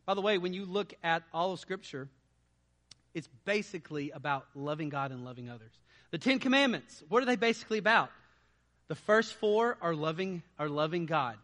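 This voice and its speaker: A male pastor preaching a sermon, asking his congregation lively rhetorical questions. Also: sits high.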